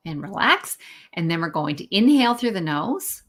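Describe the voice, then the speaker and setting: A woman wellness coach leading a live-streamed breathing lesson from her phone, relaxed and guiding, with fillers and small self-corrections. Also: fairly low pitch.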